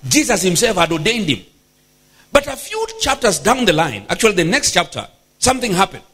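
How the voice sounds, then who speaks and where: A bishop preaching a sermon, emphatic and exclamatory, punctuating points with praise shouts. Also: male voice, high-pitched, very animated, quick pace, breathy edge. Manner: emphatic, exclamatory, frequent hallelujahs.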